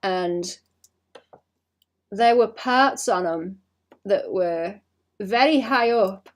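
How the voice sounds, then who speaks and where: A woman with a British accent who chats casually and rambles while she draws on a live stream, often trailing off into quiet muttering and poking fun at herself. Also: medium pitch, drawn-out words. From Britain. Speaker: streaming artist.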